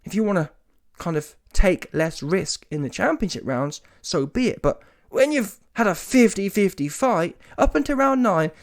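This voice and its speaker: A man giving a ranting reaction commentary on a boxing match, casual and slangy, emphatic and often mocking. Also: high voice. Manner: animated, emphatic, rises to mocking shouts; casual street slang, swears.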